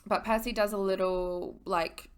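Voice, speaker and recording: A tipsy woman recapping a book series in casual, animated chat, swearing freely and using slang. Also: medium pitch, unhurried, clean tone. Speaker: vlogger.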